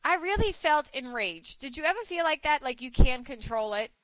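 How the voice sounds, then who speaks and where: A woman in her forties hosting a casual chat, telling stories in an animated way and acting out quotes. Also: sits high, moderate pace, no room sound, low-quality recording. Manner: chatty, animated storytelling with acted quotes. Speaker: host.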